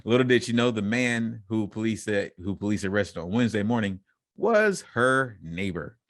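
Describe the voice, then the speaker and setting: A man with a low voice co-hosts a laid-back podcast. He reads out news stories and breaks off to joke about them. His voice sounds close and dry, with no room around it. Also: lively intonation, moderate pace, dry recording. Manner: reads headlines, then riffs and laughs between lines. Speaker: podcast co-host. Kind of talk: casual podcast chat, reading news stories aloud.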